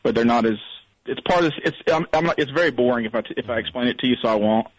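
A man's voice: medium pitch, rapid-fire, dry recording, low-quality recording. A man from Alabama calling into a comedic radio show, polite and hesitant with a dry sense of humor. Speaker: caller. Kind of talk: call-in radio chat.

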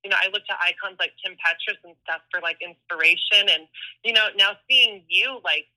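A young woman on the phone, gushing with excitement and tripping over her words. Her voice is sharp and tense, carried by a phone line. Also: medium pitch, a little fast. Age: young adult. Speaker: caller. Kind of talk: phone call.

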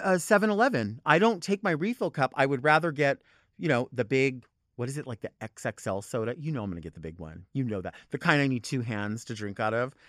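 A podcast host rants with big swings in his voice and a fairly high pitch. The sound is dry and close, with no room around it. He curses freely and acts out the people who annoy him. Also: dry recording. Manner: animated, profane ranting with mimicked exchanges. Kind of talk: comedic rant.

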